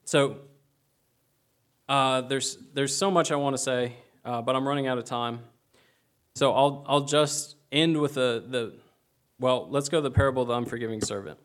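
A man's voice: medium pitch, fairly even intonation, normal speed, a bit bright. A young man giving a casual, conversational sermon, with many fillers and a self-deprecating tone. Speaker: preacher.

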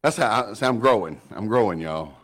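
A middle-aged man preaching a sermon in an animated, folksy way, often repeating words as he builds up. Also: on the low side, fast talker. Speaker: pastor.

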